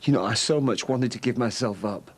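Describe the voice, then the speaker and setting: An actor playing a guilt-ridden middle-aged father, speaking haltingly and remorsefully. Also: mid-range voice, slightly rough, natural voice. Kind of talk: TV soap drama.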